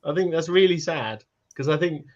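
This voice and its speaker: A British man co-hosting a casual podcast, talking in an animated way and breaking into mock voices. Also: fairly high pitch, normal speed, highs cut off. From Britain. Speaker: podcast co-host. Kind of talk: casual chat.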